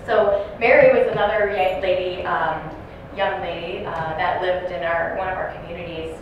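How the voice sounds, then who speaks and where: A woman's voice: fairly low pitch, fairly even intonation, normal speed, muffled recording. A woman giving a training talk to caregivers, telling stories and putting questions to the audience in a large room. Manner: storytelling, asks the audience questions. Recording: echoey room from far off, noisy.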